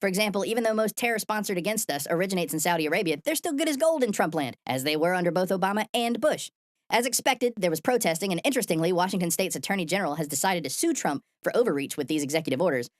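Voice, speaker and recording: A woman hosting a satirical news show, delivering sardonic, profane, deadpan commentary. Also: lowish voice, quick pace, no room sound, studio quality. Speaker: host.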